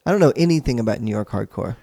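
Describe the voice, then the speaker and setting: A man with a medium-pitched voice hosts a relaxed podcast chat. He asks short questions and cuts in with dry, wry asides. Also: very fast, vocal fry. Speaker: podcast host.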